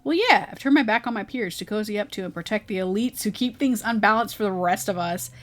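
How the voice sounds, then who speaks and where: A woman's voice: mid-range voice, animated, quick pace, natural voice. A woman voicing a smug, evasive guard at an exclusive club, answering questions in a dry, offhand way. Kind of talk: reading game dialogue aloud.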